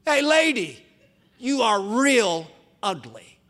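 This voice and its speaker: A man's voice: extremely high pitch, very animated, slow pace, fairly bright tone, big-room sound, voice pushed up, heavily acted. A man voicing a rude, arrogant male parrot that squawks and taunts a passer-by. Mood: mocking.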